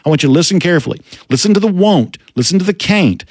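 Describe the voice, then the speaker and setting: A man's voice: fairly high pitch, animated, breathy edge, dry recording, clean studio sound. A man with a Georgia Southern accent, hosting a sports show and giving emphatic, opinionated commentary. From Gainesville, Georgia. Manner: emphatic, drawn-out words for stress.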